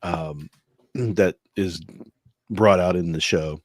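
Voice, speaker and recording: A man with a deep voice co-hosts a loose podcast chat, circling his points with many restarts and chuckles. His voice sits close to the mic in a dry, dead space. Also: slow, dry recording. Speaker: co-host. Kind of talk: casual podcast banter.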